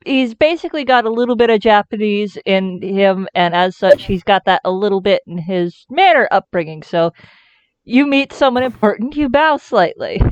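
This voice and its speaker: A woman playing a tabletop game who describes her character in a thoughtful, explanatory way. Her voice is smooth and dry, but the audio sounds a little dull and lo-fi. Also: mid-range voice, no echo. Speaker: player. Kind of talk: casual tabletop game play.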